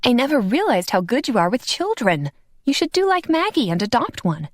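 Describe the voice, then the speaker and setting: Shanna is a doting young mother, affectionate and gently chiding, as a woman reads her in an audiobook. Her pitch moves lively, and the recording is dry. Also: a little fast, no echo. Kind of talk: audiobook character voice.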